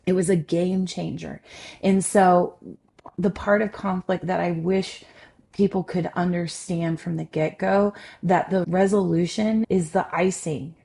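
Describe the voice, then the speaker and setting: A woman relationship coach and podcast host, telling personal stories in a loud, expressive, candid conversational way. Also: fairly low pitch, a little slow, vocal fry.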